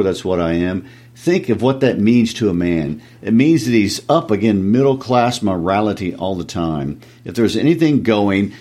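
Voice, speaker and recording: A man's voice: on the low side, mellow. A man reading the lines of a poor, shameless old dustman from a stage play, in a wheedling, pleading way.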